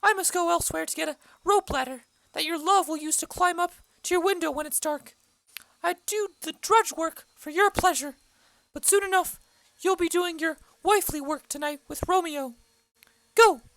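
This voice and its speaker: A fussy old nurse, read by a woman in an amateur play reading. She sits very high in pitch, grumbling about aching bones and bossing people around with a teasing edge. The sound is dry and close. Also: moderate pace, fairly bright tone, no room sound. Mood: bossy.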